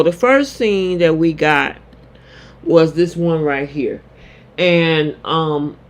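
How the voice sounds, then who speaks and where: A man hosting a casual live-chat soap opera recap, talking straight to viewers in an animated way. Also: fairly high pitch.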